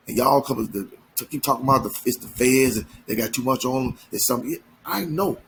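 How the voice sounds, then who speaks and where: A man's voice: medium pitch, a little fast, gravelly, few pauses, a little hiss or hum, poor audio. A man giving an emphatic, slangy commentary monologue, full of repeats and restarts. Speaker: commentary channel host.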